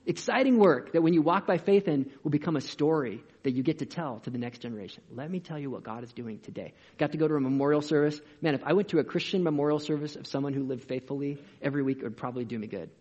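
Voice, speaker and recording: A man preaching a sermon as a pastor, in an energetic, conversational way with rhetorical questions, in a dull lo-fi recording. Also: on the high side, fast, few pauses, husky.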